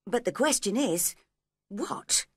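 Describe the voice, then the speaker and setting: A woman's voice: mid-range voice, expressive, takes it slowly, breathy edge, no echo, studio quality. A woman voicing a polite, puzzled young girl who talks earnestly and asks many questions.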